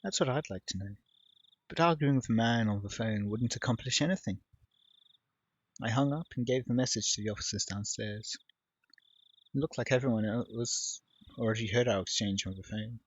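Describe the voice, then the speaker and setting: Husky-voiced man reading a game aloud. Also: mid-range voice, moderate pace, long pauses, no room sound, lo-fi sound. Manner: relaxed, wry asides. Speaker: let's play host. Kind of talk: reading game text aloud with casual commentary.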